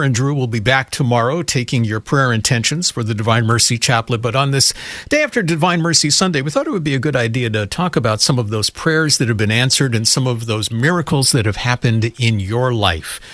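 A man's voice: mid-range voice, a bit bright, no echo. A man hosting a call-in radio show in an earnest, upbeat way, greeting callers and asking about their stories. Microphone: studio microphone.

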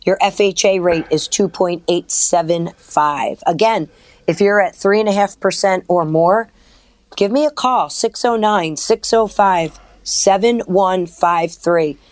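Brisk woman mortgage co-host. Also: on the low side, no echo. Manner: friendly, reads out rates and phone numbers briskly. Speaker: mortgage lender and radio co-host. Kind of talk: casual radio talk.

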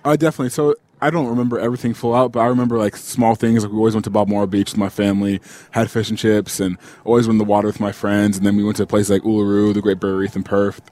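A man's voice: on the low side, flat delivery, racing, hardly any pauses, a little mellow, dry recording. A young American man, a football player guest, answering questions politely in a casual radio interview. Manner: polite, says "yes, sir" often.

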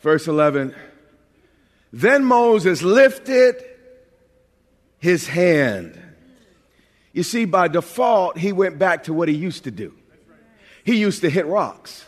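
High-voiced preacher in a reverberant hall. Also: male voice, moderate pace. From New York. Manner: lively, humorous preaching with repeated words. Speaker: pastor. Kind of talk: sermon. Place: large church sanctuary.

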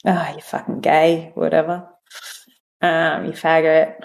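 A woman's voice: sits low, flat delivery, unhurried, creaky. An Australian woman from rural New South Wales in her thirties, telling her own story candidly as a podcast guest, quoting herself and others and full of fillers. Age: 30s. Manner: frank, quotes herself and others with lots of fillers.

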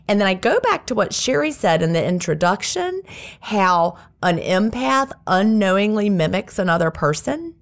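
A woman hosting a casual podcast, emphatic and animated, laughing often as she shares stories about home life. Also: mid-range voice, creaky.

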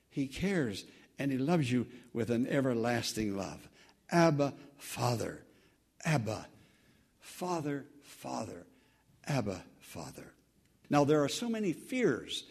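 A man preaching a sermon as pastor, speaking earnestly, repeating words and dropping to a hush for prayerful phrases. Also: a little high, husky. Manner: drops to a hushed voice for prayerful words. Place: church sanctuary.

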